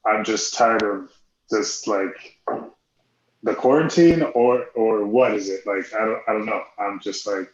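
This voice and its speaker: A stand-up comic performs a hesitant, self-deprecating set on a live stream, speaking unhurriedly in a lowish male voice full of ums. The stream audio is dull and lo-fi, in an echoey room.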